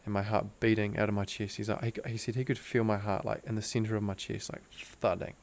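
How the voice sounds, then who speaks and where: Gravelly man telling a story. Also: fairly low pitch, little pitch movement, a little fast. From Australia. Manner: earnest, intense storytelling with many "like" fillers. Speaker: podcast guest. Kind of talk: casual storytelling interview.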